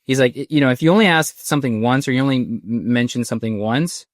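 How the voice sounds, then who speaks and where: Man, podcast host, chatty interview questions, average pitch, dry close-mic sound. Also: fast, no room sound. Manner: chatty, rambling questions with many restarts. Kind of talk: conversational interview.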